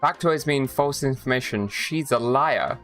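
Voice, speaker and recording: A streamer from Minnesota giving casual, rambling commentary while playing a game, swearing often and tossing in quick asides. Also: mid-range voice, a bit bright, faint music behind.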